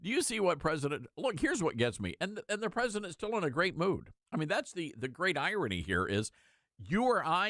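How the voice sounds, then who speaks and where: A male talk radio host giving sarcastic, animated commentary with mocking asides. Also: on the high side, no room sound, clean studio sound.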